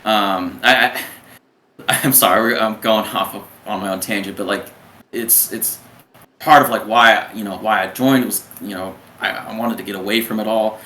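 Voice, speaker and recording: A submariner in his twenties tells his story as an interview guest, rambling through casual conversational storytelling full of fillers and restarts. His lowish voice is pushed and bright, with a steady tone and moderate pace. The recording has a roomy echo and faint background noise.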